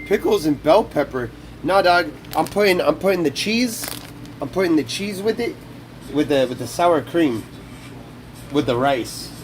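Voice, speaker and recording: A man's voice: on the high side, lively intonation, unhurried, background noise. A young man live-streaming from his kitchen on his phone, talking rowdy and profane while he cooks. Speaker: livestreamer. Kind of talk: casual live-stream talk while cooking.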